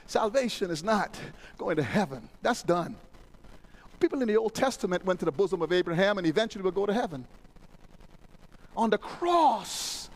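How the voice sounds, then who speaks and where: High, lively preacher man. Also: vocal fry, poor audio. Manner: dramatic, voices others in dialogue, swings from loud to hushed. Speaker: pastor. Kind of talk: sermon.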